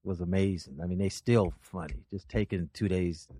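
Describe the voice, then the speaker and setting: A man's voice: deep voice, normal speed, no echo. A male comedian telling stories as a guest, rambling with frequent restarts. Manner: rambling, animated, with many restarts. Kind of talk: casual storytelling chat.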